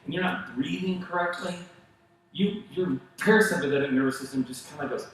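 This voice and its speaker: A male pastor preaching a sermon, telling stories in an animated way and acting out the voices of the people he quotes. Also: fairly high pitch, a little fast, very echoey, a little hiss or hum, rough recording. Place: church sanctuary.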